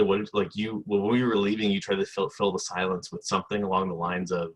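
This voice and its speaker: A man's voice: low voice, level tone, fairly quick, husky. A man hosting a casual podcast chat, rambling and reassuring as he tells stories. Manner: rambling, reassuring, laughs while telling stories. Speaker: podcast host.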